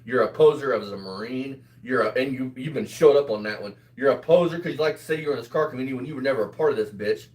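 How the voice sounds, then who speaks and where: A man's voice: mid-range voice, fast talker, few pauses. A man in his twenties co-hosting a commentary show, mocking and swearing in casual banter. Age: 20s. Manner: mocking, foul-mouthed, breaks into laughter. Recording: echoey room, far from the mic.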